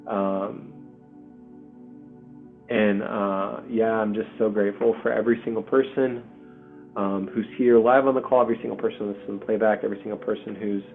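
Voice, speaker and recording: A man hosting a spiritual community video call, speaking softly and hesitantly with many pauses and ums. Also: lowish voice, fairly even intonation. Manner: soft-spoken, hesitant, full of pauses and ums. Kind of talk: heartfelt spiritual community talk. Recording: tinny call audio with faint music.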